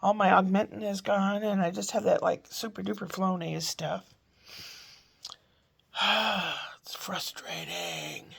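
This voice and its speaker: Gravelly woman rambling at home. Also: mid-range voice, lively intonation, normal speed, few pauses. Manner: chatty, meandering, self-interrupting. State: congested, coughing. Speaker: vlogger. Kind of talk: rambling casual chat.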